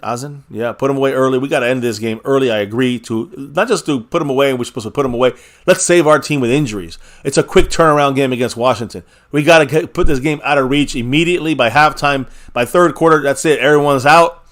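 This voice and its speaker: A man hosts a live fan stream, talking loosely and reading viewer comments aloud as they come in. His voice sits at an ordinary middle pitch, and he is energetic in the way of a regular sports chat host. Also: fast talker, few pauses.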